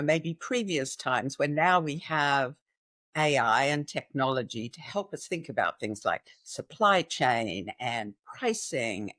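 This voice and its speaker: A woman hosting a podcast interview, talking in a lively, enthusiastic way. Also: low-pitched, dry recording. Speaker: podcast host. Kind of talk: conversational interview.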